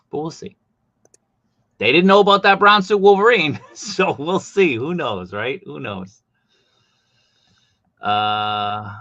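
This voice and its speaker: A man hosting a casual live stream, chatting loosely and reading viewer comments aloud, with sudden animated jumps in pitch. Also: no room sound, highs cut off. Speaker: host.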